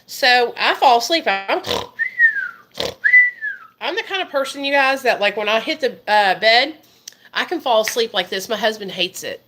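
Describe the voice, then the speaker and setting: A woman's voice: fairly high pitch, expressive, moderate pace, long pauses, pushed and bright, a little hiss or hum. A woman, telling a story to her viewers in a profane, emphatic way. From Arkansas, USA. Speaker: vlogger. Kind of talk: casual storytime monologue.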